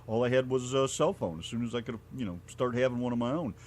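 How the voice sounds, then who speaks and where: A man from Ohio co-hosting a casual radio show, folksy and blunt, quick to laugh. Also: mid-range voice, a little mellow. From Ohio, USA. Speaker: radio co-host.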